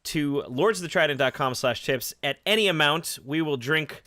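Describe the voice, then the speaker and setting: A man's voice: a little high, normal speed, no echo, clean studio sound. A man hosting a casual live-stream podcast, joking and reading out viewers' names and donations. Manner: animated, jokey, reads chat names aloud. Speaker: podcast host.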